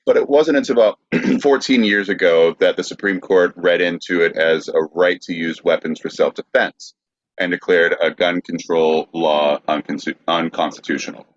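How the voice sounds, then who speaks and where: A very deep-voiced man hosting a podcast, reading history notes with halting fillers. The recording sounds dull and lo-fi. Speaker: host. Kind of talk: reading history in casual chat.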